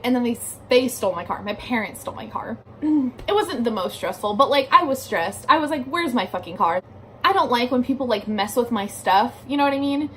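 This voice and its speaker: Young woman, casual storytime vlog, lots of "like", casual swearing, slightly high-pitched. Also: a bit bright, slight background noise. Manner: chatty, fills speech with "like", swears casually. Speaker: vlogger. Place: her bedroom.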